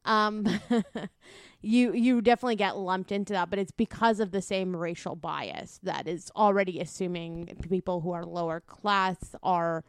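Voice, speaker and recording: A woman co-hosting a casual podcast, with a lowish, smooth and clear voice. She works through her points thoughtfully, with frequent ums, in a dry, close recording. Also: fairly even intonation, normal speed, dry recording. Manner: explaining, thoughtful, many fillers. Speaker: podcast co-host. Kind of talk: casual chat.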